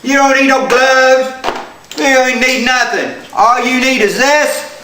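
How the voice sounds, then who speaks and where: A man's voice: extremely high pitch, steady tone, slow, echoey room, background noise. A man giving a goofy, comedic how-to on checking tire pressure, talking in folksy country slang and breaking into hammy whoops and yelps. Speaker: comic tire-check demonstrator.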